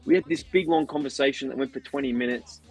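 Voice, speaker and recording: An Australian man, a band musician, telling a long story in a lively, rambling way and acting out what people said. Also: mid-range voice, fast talker, gravelly, slightly rough, faint music behind, low-quality recording. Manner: animated, rambling, acts out others' lines. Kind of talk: casual storytelling on a livestream.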